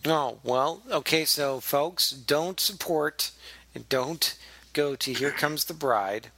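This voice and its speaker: A man's voice: a little high, takes it slowly, bright, forceful tone, no room sound. A man hosting a casual comedy podcast, joking and laughing often and stammering as he starts sentences. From US Midwest. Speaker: podcast host.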